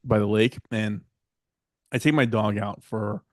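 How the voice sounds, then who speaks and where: A man co-hosting a podcast, telling relaxed stories in a casual chat full of "like". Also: lowish voice, a little slow, dry recording, clean studio sound. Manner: relaxed, anecdotal, lots of "like". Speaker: podcast co-host.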